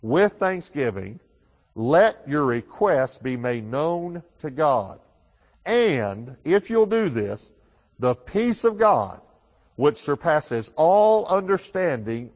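A man preaching a sermon in a conversational way, often repeating himself. His voice rises loud on key phrases and then drops low and quick. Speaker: pastor. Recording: dull reverberant hall recording.

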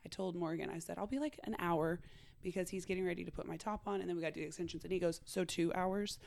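Woman host, forties, gravelly voice, lively chatty storyteller. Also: lowish voice, fast talker, crowd noise. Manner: animated, laughs often, acts out quotes. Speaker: podcast host. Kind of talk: casual storytelling chat.

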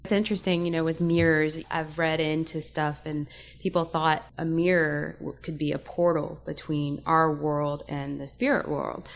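Deep, gravelly Southern woman co-host. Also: flat delivery, normal speed. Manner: chatty, jokey asides. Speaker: podcast co-host. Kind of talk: casual chat.

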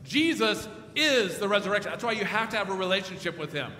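A male pastor delivers a sermon in a forceful, bright voice set slightly high, dropping to hushed tones and then swelling to emphatic peaks. He sounds like he is in a church sanctuary, with a long, roomy reverb trailing his words and a faint noise underneath. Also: expressive, fast talker. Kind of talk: sermon storytelling.

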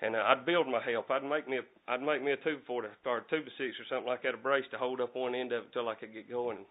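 A man's voice: mid-range voice, fairly even intonation, quick pace. A middle-aged man preaching a folksy storytelling sermon, repeating and restarting his words. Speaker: lay preacher. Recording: tinny phone-like recording.

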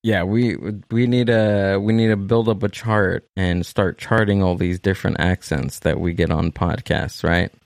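A man's voice: low-pitched, steady tone, unhurried, gravelly, few pauses, no room sound. A man with a Southern Californian accent hosting a podcast, rambling enthusiastically with many restarts. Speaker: podcast host. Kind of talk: casual chat.

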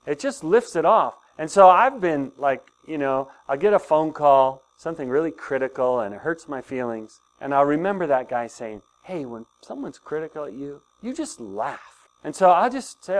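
An older man preaching a sermon to his congregation, animated and often laughing as he talks. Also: on the high side, moderate pace. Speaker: pastor.

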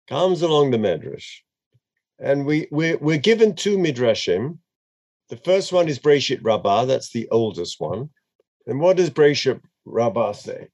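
Animated man chanting and explaining scripture. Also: fairly high pitch. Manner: chants Hebrew verses then translates, dramatic and expressive. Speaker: Torah teacher. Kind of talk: animated text study lesson.

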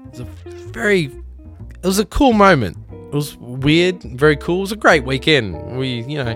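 Brief: earnest, foul-mouthed podcast host, a touch high-pitched, soft music bed. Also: male voice, animated, a little fast. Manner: profane, earnest, rambling. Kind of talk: casual pep talk and anecdote.

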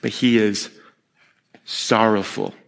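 A man preaching a sermon as pastor, talking in a lively, conversational way that swings between excited bursts and hushed asides. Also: lowish voice, slow, gravelly. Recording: long hall reverb.

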